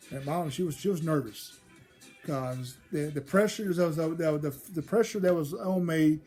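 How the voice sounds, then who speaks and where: A man's voice: fairly high pitch, dark tone, husky. A man telling a personal story from his childhood, rambling and often repeating and restarting his phrases. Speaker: storyteller host.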